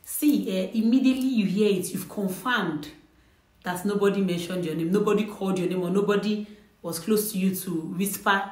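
A woman's voice: mid-range voice, brisk, darkish tone, echoey room. A woman giving earnest, repetitive spiritual advice straight to the viewer in a casual vlog. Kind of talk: casual direct-to-camera advice.

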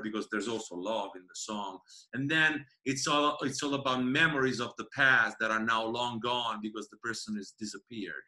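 A man's voice: mid-range voice, normal speed, pushed and bright. A man with an Italian accent chatting casually about music, often restarting phrases as he searches for words. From Italy. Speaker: guest musician and tour guide. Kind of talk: casual chat.

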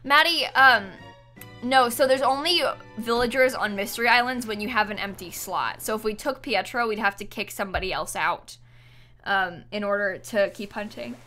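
A woman's voice: mid-range voice, normal speed, sharp tone. A young woman streaming a game, chatting casually and thanking viewers by name. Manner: chatty, reads chat names and thanks viewers. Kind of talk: casual live-stream chat. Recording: music playing under the voice.

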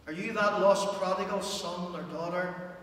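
Man, pastor, passionate sermon, bright tense voice, booming echo, far from the mic. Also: steady tone, moderate pace. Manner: impassioned preaching, rising and dropping to near hush. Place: church hall. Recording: echoey church hall, distant mic, faint hum.

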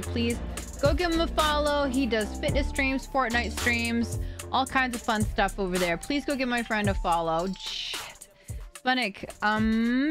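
A young adult woman live-streaming, chatting excitedly with her viewers, thanking donors, swearing and laughing. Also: a little high. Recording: faint music behind.

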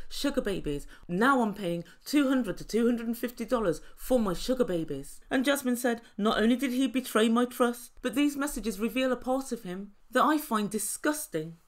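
A woman giving a sarcastic, theatrical recap of a reality show, mocking the people in it and laughing at her own jokes. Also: on the high side. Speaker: reality TV commentator.

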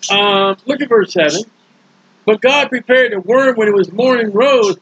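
A man preaching in a casual Bible teaching style, folksy and joking, acting out characters in quick asides. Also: high-pitched, fairly bright tone, slightly rough, dry recording, highs cut off.

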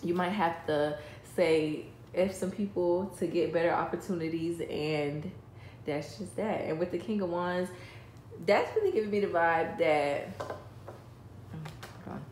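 A woman's voice: on the low side, animated, unhurried, darkish tone. A woman giving a casual, chatty tarot reading, talking straight to her viewers with enthusiasm. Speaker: tarot reader. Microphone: voice-over, face not shown. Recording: echoey room with clicking noise.

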